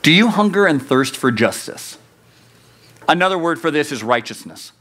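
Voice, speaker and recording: A man's voice: a little high, lively intonation, moderate pace, sharp tone. A man preaching a youth sermon, earnest and conversational, asking the listeners rhetorical questions. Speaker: youth pastor.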